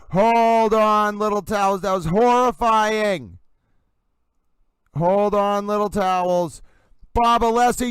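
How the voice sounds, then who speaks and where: A man hosting a live commentary stream on a trial, excitable and given to repeated exclamations, speaking close to the mic. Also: sits high, clean tone, dry recording, rough recording. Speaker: livestream host.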